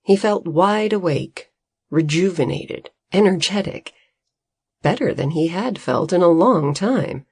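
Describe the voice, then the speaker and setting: A woman reading a storybook aloud, her fairly low voice rising and falling expressively. She takes her time over each phrase, recorded close and dry. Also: breathy edge, dry recording. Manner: expressive, unhurried. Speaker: narrator.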